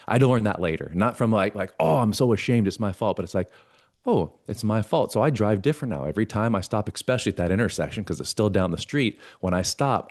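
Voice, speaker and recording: A man's voice: on the low side, no echo, clean studio sound. A man guest on a talk show, telling his story earnestly and acting out the voices of himself and a mentor. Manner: earnest, acts out quoted dialogue with himself and a mentor. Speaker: podcast guest. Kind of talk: conversational storytelling.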